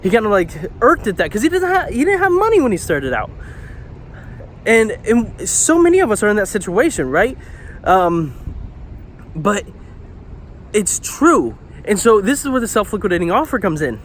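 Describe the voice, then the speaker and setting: High-voiced man pacing and explaining. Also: sing-song, normal speed, pauses often, a little hiss or hum. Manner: paces while talking, slightly out of breath; conversational, lots of fillers and "right?". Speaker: web designer and marketer. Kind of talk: casual explainer monologue.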